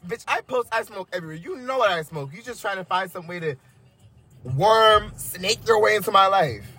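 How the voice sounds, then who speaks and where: A man co-hosting a podcast, talking in animated, profane, playful casual chat. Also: high voice, moderate pace, husky. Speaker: podcast co-host.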